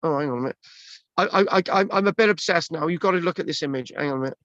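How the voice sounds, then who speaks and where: A man's voice: fairly high pitch, rapid-fire, a bit bright, dry recording. A man hosting a casual video call chat, talking in a rambling way with many restarts and fillers. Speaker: presenter. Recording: dull lo-fi video call audio.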